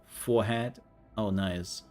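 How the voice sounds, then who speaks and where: A man's voice: on the low side, takes it slowly, darkish tone, soft background music. A young man giving casual, playful let's-play commentary, rambling through jokey reactions as he plays. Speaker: gameplay streamer.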